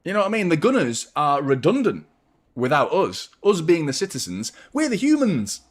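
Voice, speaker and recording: A young man hosting a football watchalong stream, chatting casually, rambling and joking while reading out viewer shout-outs. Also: a little high, sing-song, normal speed. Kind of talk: casual live-stream chat.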